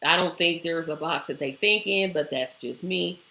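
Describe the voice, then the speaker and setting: Woman host for a live stream, emphatic and exclamatory, bright tense voice, echoey room. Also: fairly low pitch, normal speed, gravelly. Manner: emphatic and exclamatory, with rhetorical questions. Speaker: host of a live online show. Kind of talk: live-stream commentary, reading viewer comments.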